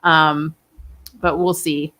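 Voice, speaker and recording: A chatty young woman with a fairly low voice runs a casual live-stream, answering viewers in loose, rambling sentences. She laughs often and leaves thoughts half-finished. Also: level tone, slow pace, pushed and bright. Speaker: host of a TV review channel. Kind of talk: casual live-stream chat reading comments.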